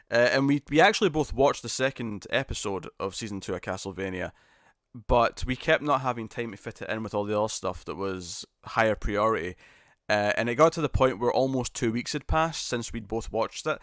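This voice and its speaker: A man hosts a live stream and reads out viewer comments in a relaxed, conversational way. He pokes fun at himself and laughs easily. His voice sits at an ordinary middle pitch, recorded close and dry. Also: dry recording. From United Kingdom. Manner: chatty, self-deprecating, laughs often. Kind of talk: casual live chat reading viewer comments.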